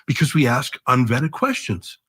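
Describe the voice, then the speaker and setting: A man's voice: medium pitch, sing-song, moderate pace, a bit bright, husky. A man being interviewed, making emphatic points and laying out arguments one by one. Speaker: interview guest, media commentator. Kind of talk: interview conversation.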